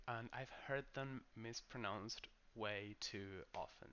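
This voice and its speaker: Guy teaching how to say words, slow and careful, bright kinda tense voice. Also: mid-range voice, clear, resonant tone, dull audio. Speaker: pronunciation coach. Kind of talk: pronunciation lesson.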